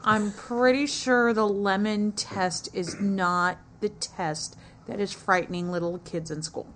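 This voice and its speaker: A woman with a mid-range voice chatting on a podcast, adding dry, deadpan quips and small corrections. A faint hiss of noise sits behind her voice. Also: mid-range voice, slow. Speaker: podcast co-host. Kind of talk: casual chat.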